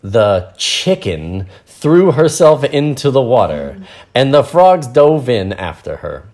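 Relaxed male storyteller, unhurried and expressive, teaching as he reads. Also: mid-range voice. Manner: relaxed, playful, explains words plainly. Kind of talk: reading a picture book aloud with explanations.

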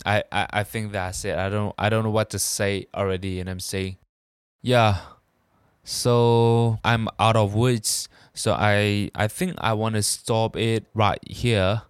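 Male solo podcast host, non-native speaker, halting and casual, smooth low voice. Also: flat delivery, dry recording, studio quality. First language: not English. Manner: halting, searches for words, repeats "you know what I'm saying".

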